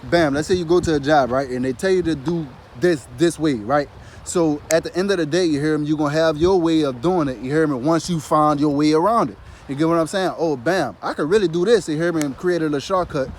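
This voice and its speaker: A man's voice: fairly high pitch, brisk, a little hiss or hum. A man talking casually and loosely about spirituality, dropping "you hear me" after nearly every phrase and swearing freely. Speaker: spiritual talker. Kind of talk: casual monologue.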